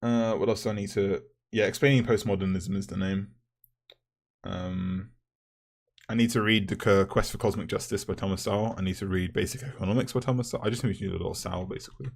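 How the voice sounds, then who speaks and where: A young man, a university student, rambling and ranting in a vlog with lots of swearing and filler words, his voice rough from the morning. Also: fairly low pitch, fairly even intonation, fast. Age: young adult.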